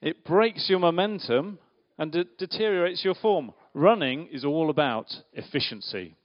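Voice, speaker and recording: Here the preacher's voice sits fairly high and sounds expressive, moving at a normal speed. He leads an interactive children's church talk, joking with the audience through questions and guiding a volunteer, all captured in dull lo-fi sound.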